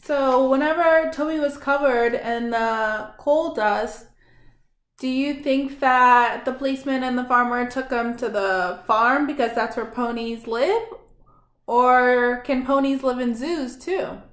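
A woman reading a children's book aloud, expressive and pausing to ask her listeners questions. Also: high-pitched. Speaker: storybook reader. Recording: echoey room.

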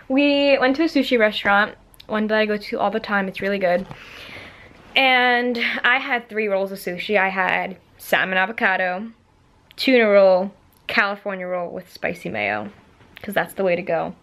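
A young woman vlogging her day in a chatty, upbeat way, full of quick asides. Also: medium pitch, fairly bright tone. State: out of breath. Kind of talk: casual vlog chat.

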